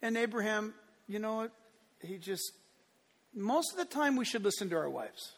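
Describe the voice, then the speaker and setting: A man preaching a sermon, telling the story with lively acted-out voices and building to impassioned peaks. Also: high-pitched, moderate pace, long reverb tail. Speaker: pastor.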